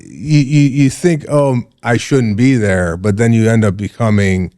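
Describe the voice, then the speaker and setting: Low-voiced easygoing podcast host. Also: male voice, unhurried, dark tone, clear, resonant tone, no echo, clean studio sound. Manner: easygoing, complimentary interviewer. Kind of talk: casual interview chat.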